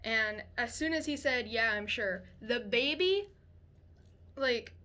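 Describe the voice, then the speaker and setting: A woman's voice: a little high, slow, pushed and bright. A young woman casually telling a frightening paranormal story, rambling and swearing as she goes. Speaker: storyteller sharing a paranormal experience.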